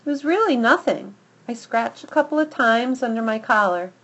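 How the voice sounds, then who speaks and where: A woman's voice: a little high, normal speed, lo-fi sound, voice pushed up. Woman doing Fenway, a cocky young male dog. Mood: boastful. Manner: boastful, excitable.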